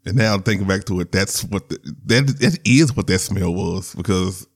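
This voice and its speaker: A man's voice: deep voice, normal speed. A man hosting a podcast, telling a personal story in a candid, rambling way. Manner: candid, rambling, with laughs and restarts. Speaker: podcast host.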